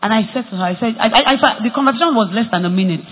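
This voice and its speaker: A man with a Nigerian accent giving a motivational talk at a conference, telling stories with animated repetition for emphasis. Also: sits high, very fast. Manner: animated storytelling, repeats phrases for emphasis. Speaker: conference speaker. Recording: echoey hall, tinny phone-like sound.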